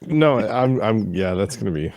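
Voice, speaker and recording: A podcast co-host recaps a show casually, retelling scenes with mocking voices and casual swearing. His voice is fairly low and a little mellow, with lively intonation and a moderate pace, captured in clean studio sound with no room echo.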